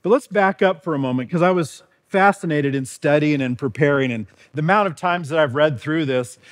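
A man with a fairly high voice preaches a sermon in a church. He talks in an earnest, conversational way and keeps asking his listeners rhetorical questions. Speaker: pastor.

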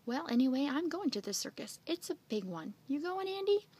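Brief: excited farm boy, brags loudly, read by a woman. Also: a little high, normal speed, breathy edge.

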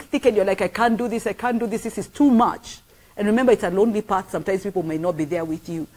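A woman's voice: on the high side, darkish tone, slightly rough. A middle-aged woman with a Kenyan accent preaching a sermon, earnest and emphatic, repeating phrases for weight. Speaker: pastor.

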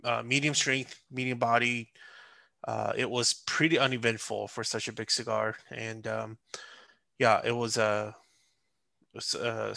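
A man's voice: medium pitch, gravelly, pushed and bright, dry recording. A man co-hosting a casual podcast, rambling and blunt, with casual swearing. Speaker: podcast co-host.

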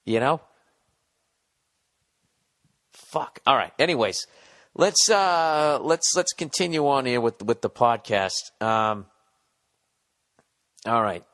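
A man's voice: medium pitch, fairly bright tone. A man hosting a comedy podcast, rambling through a listener email with profane, sardonic asides. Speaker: podcast host. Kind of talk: comedic solo podcast rant.

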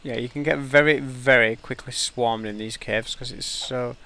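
A man talks through his game session in a loose, chatty way, reacting aloud and getting easily excited. His voice has a bright edge with a gravelly fry underneath, and the pitch sits in a middle range for a man. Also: moderate pace. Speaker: gamer. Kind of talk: let's play commentary.

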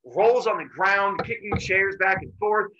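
A man teaching a class by retelling a myth in an animated, jokey way with deadpan asides. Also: sits high, measured pace, highs cut off. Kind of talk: comic myth storytelling to a class.

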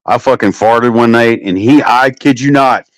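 A man's voice: normal speed, dry recording. A man hosting a casual livestream chat from home, telling crude stories full of swearing. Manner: crude, profane storytelling with lively swings in pitch. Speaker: livestream host.

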